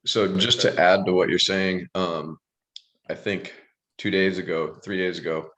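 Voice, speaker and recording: A man co-hosting an online coaching session, explaining in a measured, deliberate way. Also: sits low, steady tone, fairly bright tone. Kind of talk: live group coaching session.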